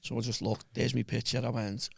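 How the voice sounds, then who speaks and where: Gravelly Scouse man spinning a yarn. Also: medium pitch, little pitch movement, fairly quick, no room sound. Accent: Liverpool. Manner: swears constantly, acts out quoted voices. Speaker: podcast guest. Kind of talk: casual storytelling chat.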